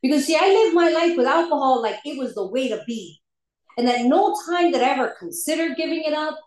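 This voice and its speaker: Woman, recovery share, candid storyteller with ready laughter, high pitch, echoey room. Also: animated, a little fast. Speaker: speaker sharing at a recovery meeting. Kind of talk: personal recovery testimony.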